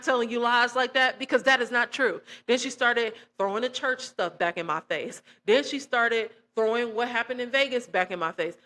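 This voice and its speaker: A young woman, telling a personal testimony in a casual, animated way and acting out quoted dialogue. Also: a little high. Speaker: vlogger.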